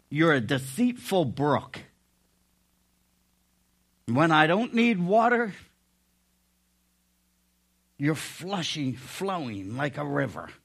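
A man preaching a sermon, animated and often laughing, rising to loud emphatic peaks. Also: medium pitch.

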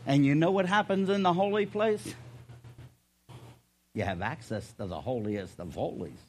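An older man preaching a sermon in a folksy way, swinging between loud emphasis and quiet asides. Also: a little high, lively intonation, normal speed, slightly rough. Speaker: pastor.

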